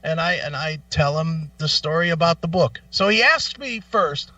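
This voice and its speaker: A man's voice: a little high, lively intonation, moderate pace, sharp tone, dry recording, far from the mic. A man hosting a radio show, telling a profane, exasperated story in a casual rant. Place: radio studio.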